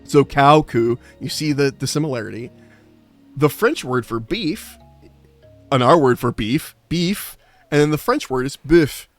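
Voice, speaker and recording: A male streamer talking to his chat at an ordinary middle pitch, wandering from point to point with plenty of fillers and restarts. He sounds easygoing and conversational, and faint music plays softly under his voice. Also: lively intonation, measured pace. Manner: rambling, full of restarts and filler, laughs often. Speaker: game streamer. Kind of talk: casual chat with live viewers.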